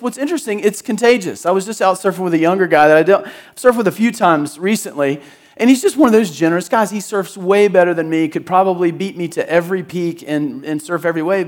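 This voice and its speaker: High-voiced man preaching a casual sermon. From Jacksonville, Florida area. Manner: conversational storytelling with acted-out voices. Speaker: pastor.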